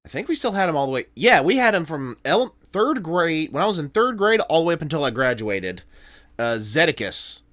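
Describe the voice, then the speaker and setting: A man's voice: on the high side, very animated, fairly quick, fairly bright tone. Chatty young man reacting to a video. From United States. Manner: chatty, interjects often, rambling asides. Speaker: reaction channel host. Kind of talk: casual reaction commentary.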